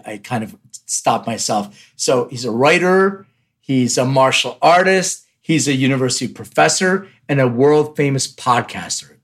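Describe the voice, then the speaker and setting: A man's voice: mid-range voice, a bit bright. A man with a Philadelphia accent hosting a podcast interview, chatty and friendly, often restarting his questions. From Lithuania. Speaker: podcast host. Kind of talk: casual interview chat.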